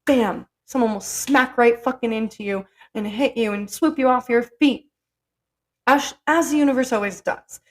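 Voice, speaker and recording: A woman's voice: fairly high pitch, normal speed. A woman hosting a solo podcast, talking in a chatty, blunt, profane way full of "like". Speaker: podcast host. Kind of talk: casual solo podcast monologue.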